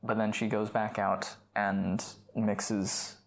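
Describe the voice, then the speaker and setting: A woman's voice: very deep voice, flat delivery, slow pace, vocal fry. A woman co-hosting a casual film podcast, enthusiastic and often laughing as she retells scenes. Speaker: podcast co-host.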